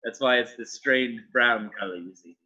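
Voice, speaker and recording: Bright, husky-voiced player. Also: male voice, medium pitch, moderate pace. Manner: rambling, self-assured explaining. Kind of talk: in-character play at a tabletop game. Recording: distant dull sound.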